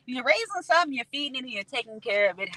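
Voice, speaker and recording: A woman's voice: high voice, animated, quick pace, bright, forceful tone, low-quality recording. A woman chatting casually and candidly on a livestream, swearing freely and laughing as she talks. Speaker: vlogger. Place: in a car at night. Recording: road noise from a moving car.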